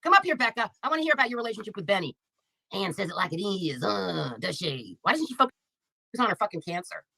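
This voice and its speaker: A woman's voice: medium pitch, very animated, fast talker, creaky, pushed and bright, breathy edge, no echo. A woman on a livestream, angrily ranting and taunting viewers by name with heavy profanity. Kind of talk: angry livestream rant.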